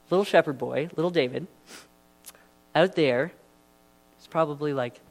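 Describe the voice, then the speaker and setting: A young man giving a sermon in a casual, chatty way, full of asides and fillers. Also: a little high. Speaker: preacher.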